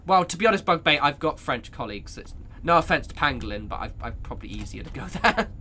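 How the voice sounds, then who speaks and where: Young male streamer: bright, forceful voice, rambling and chatty, swears often; faint background noise. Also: fairly high pitch, sing-song, fast talker. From United Kingdom. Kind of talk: casual chat while gaming.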